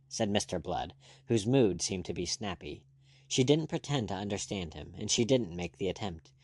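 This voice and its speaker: A man reading an audiobook aloud in a steady, measured way. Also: on the low side, no room sound. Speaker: audiobook narrator. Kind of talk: scripted narration.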